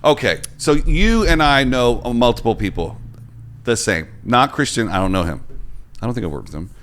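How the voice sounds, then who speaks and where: A man's voice: mid-range voice, animated, normal speed, a bit bright. A man hosting a casual comedy podcast, teasing his guest in playful banter. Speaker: podcast host.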